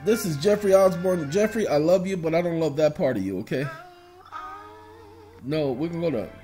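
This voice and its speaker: Fairly high-pitched and expressive, this man speaks at a moderate pace in a warm tone, with faint music behind him. He hosts his own screen-share video, rambling casually through documents, calling his audience y'all and slipping into snatches of song.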